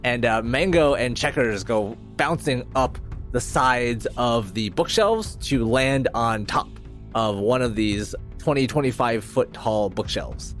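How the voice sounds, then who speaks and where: A man's voice: mid-range voice, lively intonation, measured pace, soft background music. A man playing a tabletop role-playing game, describing his actions in detail. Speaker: player. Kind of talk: casual tabletop play.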